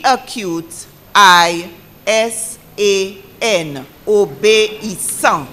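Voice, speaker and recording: A woman's voice: medium pitch, slow, fairly bright tone. A woman acting as pronouncer at a spelling bee, saying each word twice and spelling out corrections letter by letter. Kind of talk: competition announcing.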